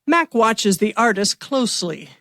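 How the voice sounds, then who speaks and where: A woman narrates a radio mystery in a measured storytelling voice that sits high. The recording is dry and close, with no room sound. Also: expressive, fairly bright tone, no room sound. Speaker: podcast host and narrator. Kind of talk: scripted narration.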